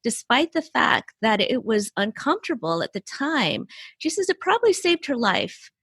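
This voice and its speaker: A woman hosting a podcast interview, asking questions in a gentle, measured way with frequent fillers. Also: on the high side, very animated, slightly rough, no room sound. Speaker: podcast host.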